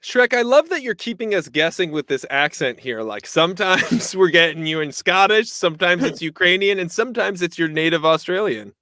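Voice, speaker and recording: A man's voice: high voice, lively intonation, brisk, few pauses, pushed and bright, no echo. A man hosting a comedy stream, giving playful mock fashion-show commentary in a sing-song announcer manner. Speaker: host.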